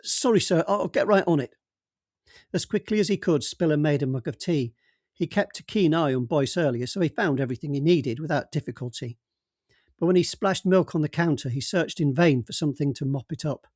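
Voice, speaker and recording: A man's voice: a little high, brisk, darkish tone, no room sound, studio quality. Man reading a thriller aloud. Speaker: narrator. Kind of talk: audiobook reading of a novel.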